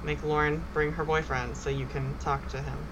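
A woman in casual chat, giggling often and telling stories quickly. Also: low-pitched, flat delivery, muffled recording, noisy background.

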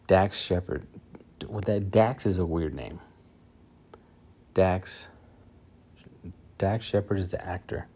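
Low, mellow-voiced man rambling casually. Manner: rambling, loose, many fillers and restarts. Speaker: podcast host. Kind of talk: casual solo podcast chat.

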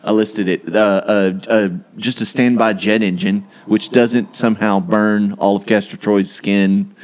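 A man's voice: on the low side, steady tone, unhurried. A man hosting a casual movie podcast, joking wryly and running through details. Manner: wry, joking, lists details. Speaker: podcast host.

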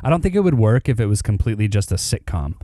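Man, low voice, mellow, dry close sound, casual podcast chat, rambling with fillers. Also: big pitch swings, quick pace, dry recording. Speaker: podcast co-host. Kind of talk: casual chat reviewing a TV show.

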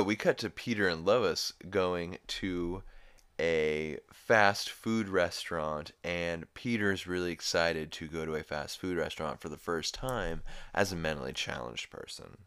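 A man's voice: low-pitched, fairly bright tone, smooth, dry recording. A young man hosting a podcast, recapping a cartoon episode in a rambling, laid-back way with casual swearing. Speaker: podcast host.

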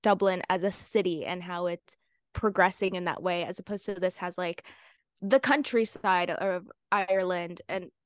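A woman's voice: on the low side, clean tone, dry recording, studio quality. A young woman co-hosting a book club podcast, chatting casually and often chiming in to agree with the others. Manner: agreeable, quick to chime in with "yeah" and "mm-hmm". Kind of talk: casual chat.

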